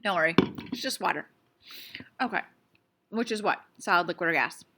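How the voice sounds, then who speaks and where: A woman's voice: lowish voice, normal speed, bright, forceful tone, slight background noise. A woman teaching a casual science lesson on video, playful and chatty, asking lots of questions and sometimes talking with her mouth full. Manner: talks with her mouth full while eating.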